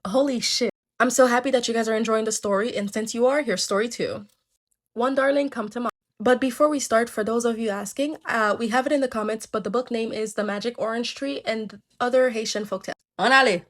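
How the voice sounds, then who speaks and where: A woman's voice: on the high side, a little fast. A woman casually telling folktales, chatty and slangy, with asides to her listeners. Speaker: storyteller. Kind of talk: casual storytelling.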